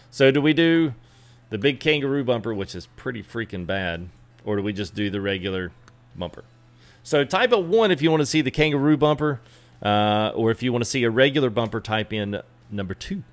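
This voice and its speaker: A man chatting casually with live viewers while customizing a truck in a game, greeting them by name. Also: lowish voice. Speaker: streamer. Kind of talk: live gameplay stream chat.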